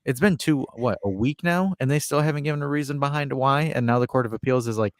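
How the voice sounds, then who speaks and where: A man's voice: medium pitch, fast, no echo, studio quality. A man co-hosting a casual livestream, chatting, joking and reading viewer comments aloud. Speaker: co-host of a fan livestream.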